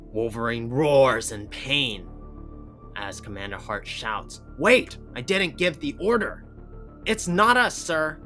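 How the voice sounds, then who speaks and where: A man narrating a comic book story with a steady, even reading. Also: on the low side.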